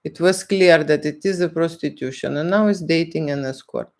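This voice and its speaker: A man's voice: a little high, moderate pace, darkish tone. A man who is a photographer, hosting a live stream in casual talk, rambling and repeating himself, often checking in with the audience.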